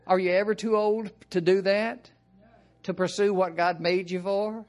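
An older man with a Southern American accent, preaching an informal sermon in a folksy, rambling way with frequent asides and throat clearing. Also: high-pitched, fairly even intonation, normal speed, a little mellow.

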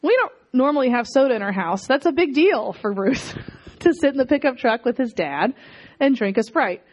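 Animated woman preaching a sermon. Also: high voice, moderate pace. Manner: animated, repeats lines for emphasis, laughs often. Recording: dull lo-fi recording.

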